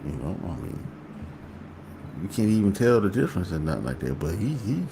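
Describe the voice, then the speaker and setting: A man's voice: low voice, sing-song, fairly quick, noisy background. A man hosting a casual livestream, talking in a loose, joking, slangy way. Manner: loose, joking and slangy, often trailing into laughter. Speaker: host.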